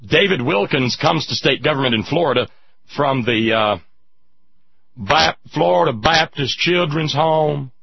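A man hosts political talk radio in a husky, mid-pitched voice, emphatic and sarcastic as he answers listeners. The recording is dry, dull and lo-fi. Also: lively intonation, unhurried, no room sound. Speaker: radio talk show host.

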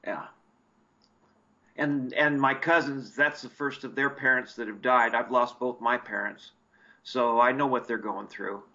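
A man's voice: mid-range voice, fairly even intonation, a little slow, pushed and bright, dull audio. A man from Eastern Oregon calling in to a talk show, chatting in a folksy, storytelling way. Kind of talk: casual call-in chat.

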